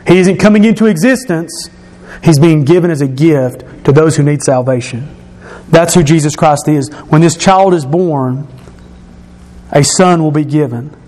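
A man preaching a sermon, explaining scripture verse by verse and repeating key phrases, slowing and dropping his voice for emphasis. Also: a little high, a little mellow. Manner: slows and drops his voice for emphasis.

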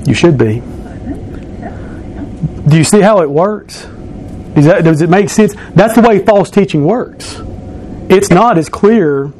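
High-voiced playful man in his thirties preaching. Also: animated, slow, long pauses, a little mellow, a little hiss or hum. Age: 30s. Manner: playful, teasing, banters with the congregation. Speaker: pastor. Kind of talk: sermon with object lesson. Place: church.

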